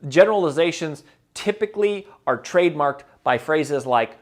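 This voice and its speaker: A man giving advice as a motivational speaker, emphatic and repeating key phrases, moving between loud and soft delivery for effect. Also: on the high side, expressive, normal speed. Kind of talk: direct-to-camera advice talk.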